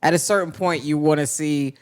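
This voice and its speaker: Higher-voiced podcast host man. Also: fairly even intonation. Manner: laughs easily, lots of quick agreeing yeahs. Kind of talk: casual podcast chat.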